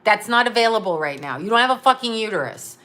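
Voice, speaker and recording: A woman's voice: medium pitch, expressive, quick pace, a bit bright. A middle-aged woman ranting to camera in a blunt, profane, rambling monologue, often cracking herself up. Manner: crude, rambling, laughing at her own jokes. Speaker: vlogger.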